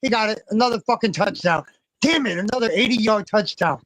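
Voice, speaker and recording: Excitable swearing man streaming a game. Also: high-pitched, brisk, dry recording, rough recording. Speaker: streamer host. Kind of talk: casual stream chat while gaming.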